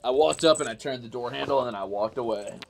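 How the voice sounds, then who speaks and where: A medium-pitched, creaky male voice moves at a quick pace. He's chatting casually on a live stream from home as he draws, swearing plenty and using coaxing baby-talk to tease his cat.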